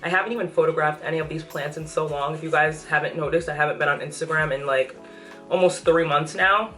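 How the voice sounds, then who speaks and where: Speaking quickly with fairly even intonation, this woman has a low, fairly bright voice. She is a young, pregnant plant vlogger giving an enthusiastic, casual update indoors among her plants, slightly out of breath. Her voice comes from a distance in an echoey apartment room, and faint music plays.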